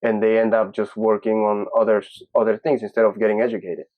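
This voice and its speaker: Young man from Peru, podcast guest, lively storyteller who mimics others, dry dull recording. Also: on the low side, quick pace, dry recording. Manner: animated, acts out quoted voices. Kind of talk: casual storytelling.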